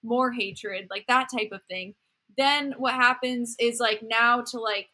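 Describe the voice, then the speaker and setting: A woman guest in a relaxed podcast conversation. Her voice is fairly high and bright, with a forward edge. She works through ideas aloud, leaning on "like" as she goes. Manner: thoughtful, many "like" fillers, quick agreement. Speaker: podcast guest, dating content creator.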